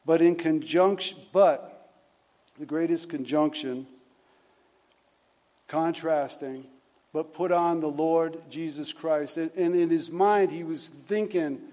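His voice fairly high and mellow against a big-room sound, a male preacher stumbles through a story and a scripture reading, full of repeated words and filler sounds.

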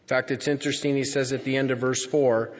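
A man preaching a sermon, reading scripture aloud and explaining it in a slow, deliberate way, stretching out key words for emphasis. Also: mid-range voice, flat delivery. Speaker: pastor. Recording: dull sound with long hall reverb.

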